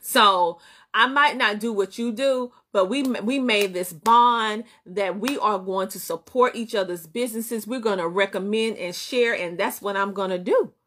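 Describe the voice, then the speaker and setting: Speaking at a measured pace with a medium, slightly bright voice, a Southern-accented woman hosts a motivational live stream as a business coach. Her delivery is emphatic and repetitive, and she calls out viewers by name.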